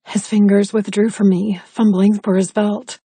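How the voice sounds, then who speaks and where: A woman reads an audiobook aloud in the first person, close and intimate. Her voice is mellow and a little husky. The recording is dry with no room sound. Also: medium pitch, little pitch movement, a little slow, no room sound. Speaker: audiobook narrator.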